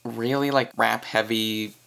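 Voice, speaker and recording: Gravelly man bantering as co-host. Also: medium pitch, fairly even intonation, measured pace, bright, forceful tone. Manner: offhand, joking banter. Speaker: podcast co-host. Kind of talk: casual chat.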